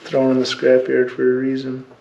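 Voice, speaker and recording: A young man explaining an engine rebuild step by step as he works, thinking aloud in a plain, relaxed way. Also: medium pitch, moderate pace, gravelly, dull audio, very noisy. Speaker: mechanic rebuilding a diesel engine. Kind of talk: hands-on how-to narration.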